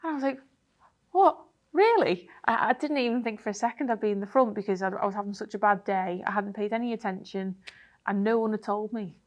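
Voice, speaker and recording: A woman, a triathlete guest telling a race story in a chatty, animated way full of fillers. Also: mid-range voice, quick pace. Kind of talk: casual interview storytelling.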